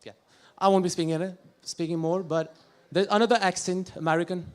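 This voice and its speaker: A man's voice: a little high, fairly even intonation, normal speed. A young man from Jammu and Kashmir with an Indian English accent, playfully chatting with a college crowd from a stage mic before doing accent impressions. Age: young adult. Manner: playful, chatty, jokes with audience. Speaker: college student performer.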